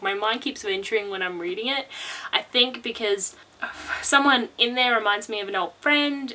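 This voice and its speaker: A chatty woman gushes casually about her reading list. Her voice sits a little high and sounds bright and sharp. She talks in quick bursts with restarts and small laughs. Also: low-quality recording. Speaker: book vlogger. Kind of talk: casual book chat.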